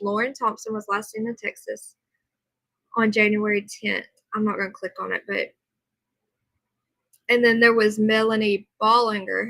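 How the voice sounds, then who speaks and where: Her fairly high voice is bright and forceful as this tired woman runs a laid-back livestream from home, reading aloud and replying to chat comments. The poor-quality audio has no echo.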